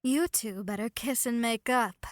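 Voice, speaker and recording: A woman's voice: a little high, measured pace, dry recording, clean studio sound, lightly acted. A woman voicing a bossy, dominant female leader in an audiobook, giving firm commands. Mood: commanding. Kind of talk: erotic audiobook character voice.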